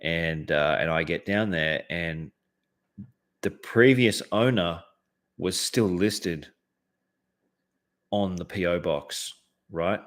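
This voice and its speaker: Very deep-voiced Australian man ranting. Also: slow pace, pauses often, a bit bright. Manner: profane, heated, lots of fillers and restarts. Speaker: host. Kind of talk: casual storytelling rant.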